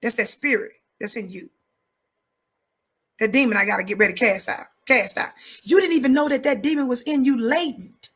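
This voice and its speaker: Woman commentator, high-energy preacher cadence, husky voice, pitched a bit high. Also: brisk, a bit bright. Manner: emphatic, rhythmic, repeats words for effect; calls herself high-energy. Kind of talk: fiery preaching-style commentary.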